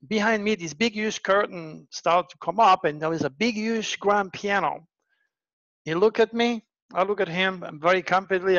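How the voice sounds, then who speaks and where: A man, an astrologer, telling stories in a casual monologue, acting out the voices of the people in them. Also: no room sound. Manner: animated, acts out quoted voices with big pitch jumps. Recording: dull lo-fi dry recording.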